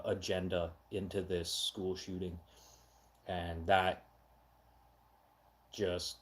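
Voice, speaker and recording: Middle-aged guy on a live chat, loud and emphatic, kinda low voice. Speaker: live stream host.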